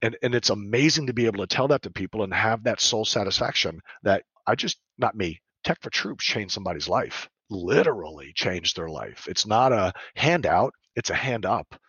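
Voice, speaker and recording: A man's voice: on the low side, expressive, normal speed, hardly any pauses, fairly bright tone, breathy edge, no room sound, highs cut off. An older man, a veterans nonprofit leader, speaking earnestly and emphatically in an interview, telling stories with frequent restarts. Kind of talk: conversational interview.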